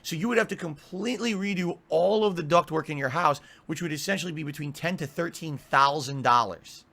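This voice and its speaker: A man's voice: on the high side, fairly quick. A man streaming from his home office, ranting in a profane, exasperated way. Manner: profane, exasperated, lively complaining.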